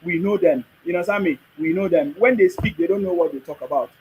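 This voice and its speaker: A man's voice: high voice, fast, a little mellow, slight background noise, rough recording. A middle-aged man with a Nigerian accent hosts a livestream, reading viewer comments and commenting on them in a repetitive, preachy way. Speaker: livestream host.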